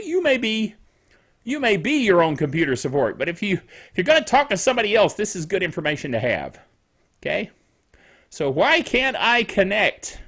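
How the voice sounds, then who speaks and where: A middle-aged man with a fairly bright voice that sits high hosts a tech netcast, offering casual tech news commentary. He rambles and chats, frequently chuckling at himself.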